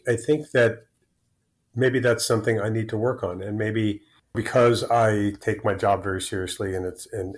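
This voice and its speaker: A man in his sixties from Florida, a guest talking frankly and with self-deprecating humor in an interview, often repeating words as he starts sentences. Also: fairly low pitch. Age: 60s. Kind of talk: candid interview conversation.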